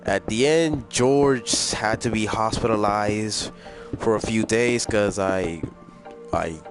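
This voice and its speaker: Young guy, casual rambling storytime, slow and lowish, background music. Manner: rambling, crude, full of fillers like "and stuff". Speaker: storytelling vlogger.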